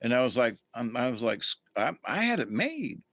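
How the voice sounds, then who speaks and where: Sing-song and brisk, this middle-aged man's mid-range voice sounds a bit bright on a dry recording. He's a livestream host telling a rambling, folksy story to his chat and saying hello to viewers as they arrive.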